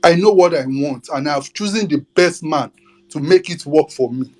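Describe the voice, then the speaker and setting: A man's voice: on the high side, moderate pace, darkish tone. A Nigerian man giving a fiery, defiant political rant in a live audio space, dropping Yoruba curses.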